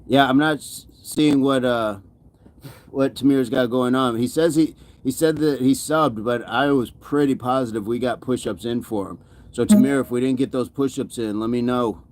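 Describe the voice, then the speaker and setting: A man's voice: medium pitch, moderate pace, darkish tone. A man hosting a fitness livestream, upbeat and chatty, reading viewer comments, greeting people by name and laughing often.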